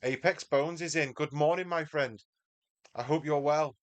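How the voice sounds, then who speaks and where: A man with a Mancunian accent, his pitch fairly high, commentates live sim-racing at a moderate pace while chatting with viewers by name.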